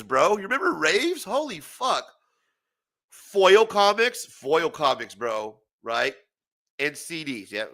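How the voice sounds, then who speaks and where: A man in his forties hosting a comics talk show, ranting casually with lots of swearing and laughter. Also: fairly high pitch. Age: 40s. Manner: profane, animated, laughs often. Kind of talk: casual late-night rant.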